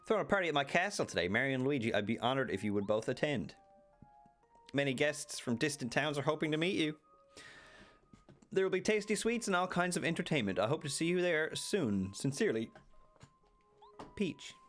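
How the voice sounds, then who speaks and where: A man's voice: fairly high pitch, sing-song, fairly quick, pauses often, a bit bright, faint music behind, voice pushed up. A man putting on a sweet, gracious young princess, reading and speaking in a prim, sugary way. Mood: formal.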